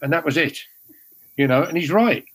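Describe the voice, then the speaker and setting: A man's voice: a little high, expressive, normal speed, fairly bright tone, slightly rough, low-quality recording. An older man, a former goalkeeper telling rambling, self-deprecating stories with many restarts. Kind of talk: casual anecdote telling.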